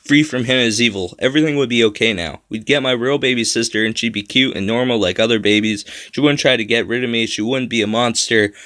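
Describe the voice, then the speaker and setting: A man's voice: medium pitch, quick pace, hardly any pauses, pushed and bright, no echo. A man narrating a first-person spooky children's story with a dramatic delivery.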